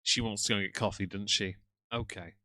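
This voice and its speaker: A man's voice: on the low side, fairly even intonation, a little fast, sharp tone, slight background noise. A man doing sarcastic live-stream reaction commentary and greeting viewers by name.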